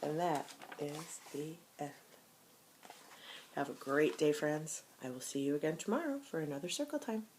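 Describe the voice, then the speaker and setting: A woman teacher reading a picture book aloud to young children, slow and exaggerated, with gasps and soft whispered asides. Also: sits low, animated, slight background noise.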